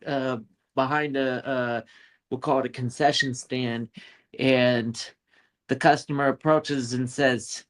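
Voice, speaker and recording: A man telling a story in a casual podcast chat, in a relaxed way, laughing often. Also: medium pitch, slow pace. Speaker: podcast guest.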